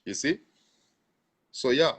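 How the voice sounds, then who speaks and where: A man's voice: slow pace, a bit bright. A man preaching on a live stream who answers viewers, repeats his lines for emphasis and restarts often. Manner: repetitive, emphatic, stammering restarts.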